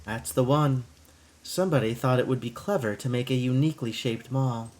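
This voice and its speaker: A jaded young woman guide from a cyberpunk game, weary and disillusioned, her words low and flat, as a man reads her lines aloud. Her voice is subdued and soft-edged, never rising, with a bitter dryness to every phrase. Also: normal speed, lightly acted. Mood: dry. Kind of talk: live-streamed game dialogue read aloud.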